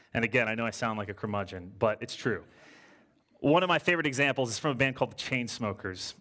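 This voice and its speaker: A man preaching a sermon in a lively, conversational way, joking with the congregation and slowing down to stress scripture quotes. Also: mid-range voice. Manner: lively, conversational preaching with casual slang and jokes; slows and stresses when quoting scripture. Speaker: pastor.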